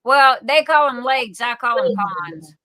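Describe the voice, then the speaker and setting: Lady rambling stories on a live stream, bright voice, dry close mic, keeps repeating herself. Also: sits high, unhurried, no echo, rough recording. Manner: folksy, repeats and restarts words. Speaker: livestream guest. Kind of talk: casual storytelling chat.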